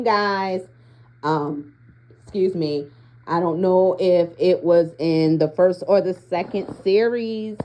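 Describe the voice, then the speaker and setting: Mellow, low-voiced woman reading spiritual cards. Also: poor audio. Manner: chatty, slangy, reads aloud from oracle cards. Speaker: spiritual tarot reader. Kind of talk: casual spiritual card reading.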